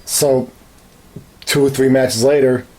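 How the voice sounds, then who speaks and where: A man in casual studio chat, giving a relaxed, profane blow-by-blow of an online match. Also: medium pitch, takes it slowly. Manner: blow-by-blow recounting, laid-back and profane. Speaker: podcast co-host.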